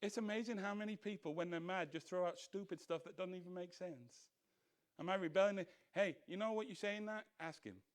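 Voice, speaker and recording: A man teaching a Bible study as pastor, animated, asking rhetorical questions and mimicking other voices. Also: high-pitched, brisk, few pauses. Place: church.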